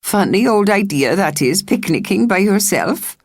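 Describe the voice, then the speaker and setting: A woman's voice: medium pitch, animated, measured pace, dry recording, studio quality, voice pushed up. A woman voicing a kindly older female cook who fusses and talks in a motherly way. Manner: fussing, motherly, calls people dearie.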